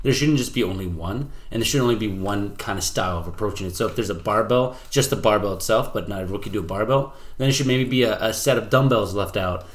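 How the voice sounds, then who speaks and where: A man who works as a personal trainer, co-hosting a casual fitness podcast and talking loosely with lots of fillers and restarts. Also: fairly low pitch. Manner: fast, loose talk full of "like" and restarts.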